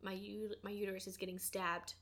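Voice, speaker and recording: A woman's voice: mid-range voice, fairly quick. A young woman co-hosting a podcast in casual chat, talking openly and emotionally with many fillers like "like". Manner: emotional, animated, lots of "like". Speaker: podcast co-host.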